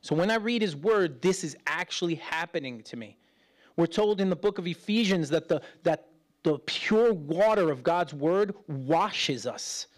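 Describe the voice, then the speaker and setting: A middle-aged man preaching as a pastor in a chatty way, acting out quoted voices and swinging between loud and hushed. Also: a little high. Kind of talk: sermon.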